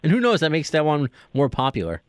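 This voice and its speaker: A man's voice: a little high, wildly swooping pitch, fast, smooth, dry recording, clean studio sound. A man hosting a casual podcast interview, asking long, rambling questions with many restarts. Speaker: podcast host.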